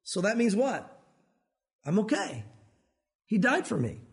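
A pastor from Tennessee preaches in an easy, conversational way, his light Southern accent showing through. He talks fast and often restarts his sentences mid-thought. His voice sits notably high for a man. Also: very animated. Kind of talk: sermon.

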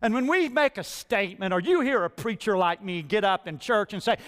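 A male pastor preaching a sermon in a church, moving between quiet asides and loud, rising declarations. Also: high voice, expressive, a little fast, few pauses, big-room sound. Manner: dynamic preaching, swinging from soft asides to loud climbs. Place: church sanctuary.

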